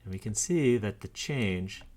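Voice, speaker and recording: A man's voice: on the low side, animated, measured pace, darkish tone. A man giving a casual, argumentative walkthrough of charts on his screen, scornful and laughing dismissively. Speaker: commentator.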